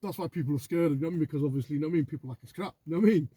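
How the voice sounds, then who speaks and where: A man's voice: on the high side, very fast, mellow, husky, no echo. A man in casual conversation who rambles and boasts, swears freely and keeps asking "you know what I mean?". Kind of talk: casual chat.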